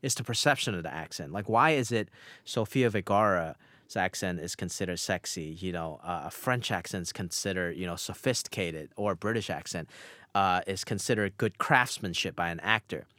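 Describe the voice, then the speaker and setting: A man's voice: deep voice, moderate pace, bright, forceful tone, no room sound. A young man, an immigrant actor and author, answering interview questions earnestly with frequent fillers. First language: immigrant, grew up outside America.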